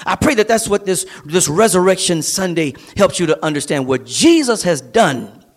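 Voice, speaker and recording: A man's voice: high voice, expressive, moderate pace. A man preaching a sermon as a pastor, building emphasis through repeated phrases, in a church service streamed online. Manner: preaching with rising, emphatic repetition.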